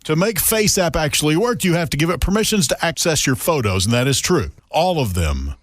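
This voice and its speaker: A man's voice: a little high, brisk, no room sound. A man hosting a podcast in casual, joking chat with a friend, recorded in a radio station studio. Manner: chatty, animated, joking. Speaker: podcast host.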